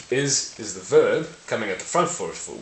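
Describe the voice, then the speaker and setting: A man explaining language ideas to camera in a casual, playful way, often correcting himself and laughing at his own slips. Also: medium pitch. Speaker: language video host. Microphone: camera mic. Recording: roomy with faint hiss.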